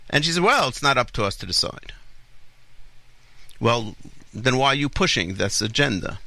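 A man's voice: medium pitch, pushed and bright, no echo. A man hosting a radio show, giving opinionated commentary with rhetorical questions, long explanations and self-corrections.

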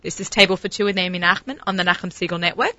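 A middle-aged woman hosting a radio show, talking eagerly with lots of fillers and restarts. Her voice is bright and a little low, and the sound is dry and dull. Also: racing, no room sound. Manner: chatty, enthusiastic, many fillers and restarts. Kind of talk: casual chat.

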